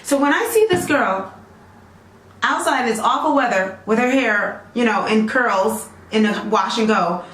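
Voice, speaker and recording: A woman's voice: fairly high pitch, lively intonation, a little slow, a bit bright, reverberant. A woman chatting casually to her viewers in a rambling, friendly vlog, checking in with them often. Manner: chatty, rambling, talks straight to viewers with lots of "okay?". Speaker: natural hair vlogger selling her own products.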